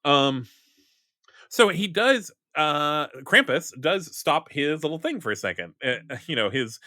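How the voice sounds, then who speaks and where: Male game master, rambling narration, bright voice, lively pitch. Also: a little slow, dry recording, studio quality. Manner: rambling, full of fillers and self-corrections.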